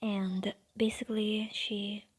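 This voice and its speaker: A woman's voice: medium pitch, little pitch movement, slow pace, breathy edge. A woman casually improvising a fan-fiction story, rambling and hesitant, often half-whispering.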